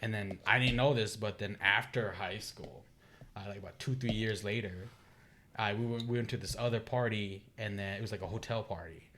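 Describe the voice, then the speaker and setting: A man's voice: lowish voice, moderate pace, slight background noise. A man in his thirties, a podcast guest, telling casual stories with lots of swearing and laughter and acting out what people said. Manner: animated, acts out quoted dialogue, swears and laughs often. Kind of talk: casual chat, storytelling.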